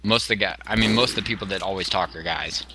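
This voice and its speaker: A man's voice: low voice, fast, over music. A young man chatting casually while playing a shooter game, rambling with lots of likes and frequent laughs. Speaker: gamer. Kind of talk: casual gameplay chat. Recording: gunfire noise behind.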